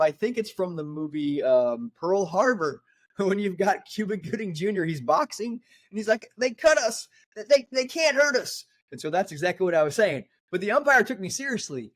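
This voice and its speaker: Another middle-aged podcast co-host, this one with a high-sitting, brisk voice, shares stories in casual chat. He laughs, stays animated, and acts out quotes, recorded cleanly in a studio with no room sound.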